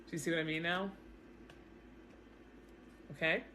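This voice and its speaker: A woman talking straight into her own camera, explaining the news in a loose, animated way and often doubling back on her words. Her voice is clear, with a faint hum of noise behind her. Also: low-pitched, unhurried. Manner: animated, repeats words, talks straight to viewers. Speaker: news commentary vlogger. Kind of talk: casual explanatory commentary to camera. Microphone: self-recorded camera setup.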